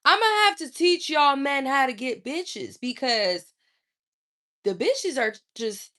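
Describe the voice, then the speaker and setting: Sassy woman going off on a livestream, swearing a lot, slow drawl, bright voice. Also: sits high, expressive. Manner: sassy, profane and indignant. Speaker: livestream host. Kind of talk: casual livestream rant.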